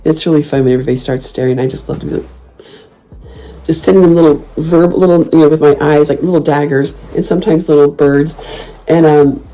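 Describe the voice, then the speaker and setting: A woman in her fifties with a low, mellow voice tells her stories in a loose, casual way. She is blunt and sassy, swears without a second thought, and slips into teasing, mocking voices when she repeats her comebacks. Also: steady tone, fairly quick. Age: 50s. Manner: playful mocking put-on voices when quoting herself. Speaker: host. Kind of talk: casual talk to camera.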